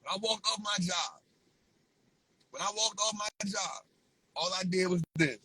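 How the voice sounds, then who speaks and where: Man, husky, high-pitched, repetitive emphatic motivational preaching. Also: measured pace, sharp tone, dry recording, rough recording. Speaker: vlogger.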